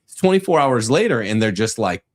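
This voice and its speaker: A man's voice: medium pitch, sing-song, fairly quick. A middle-aged man hosting a talk show, giving sardonic, rambling commentary with frequent restarts. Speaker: podcast host. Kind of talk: casual commentary.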